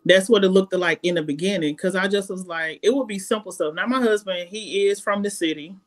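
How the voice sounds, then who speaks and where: A woman's voice: medium pitch, fairly quick. A woman from Alabama with a Southern US accent, a podcast guest talking in casual conversation, blunt and emphatic, repeating words as she builds a point.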